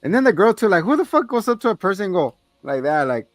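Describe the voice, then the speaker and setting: A man with a fairly high voice retells a horror movie scene in casual podcast chat. He talks animatedly and with profanity, acting out what the characters say. The sound is close and dry. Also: very animated, fast, dry recording. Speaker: podcast co-host.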